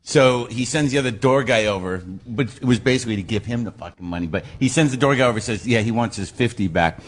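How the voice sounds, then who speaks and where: A man's voice: medium pitch, quick pace. A man in his fifties, a guest comedian telling a profane, wry story in casual radio chat. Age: 50s.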